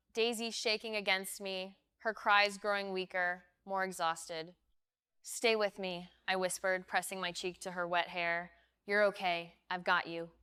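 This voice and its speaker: Brief: woman storyteller, slow and dramatic, bright and very clear voice. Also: mid-range voice, no echo, studio quality. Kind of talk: scripted first-person story narration.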